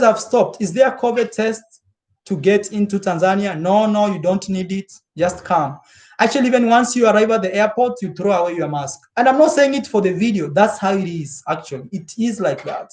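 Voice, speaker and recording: A young man from Kenya chatting casually and live with his viewers, animated and repetitive, laughing often. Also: sits high. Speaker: travel vlogger.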